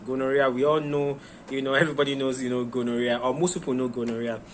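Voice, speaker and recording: A man's voice: mid-range voice, flat delivery, fast talker, a little hiss or hum. A man from Nigeria explaining a home herbal recipe in a rambling, casual way with many fillers. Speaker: herbal remedy seller. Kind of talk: casual informal tutorial.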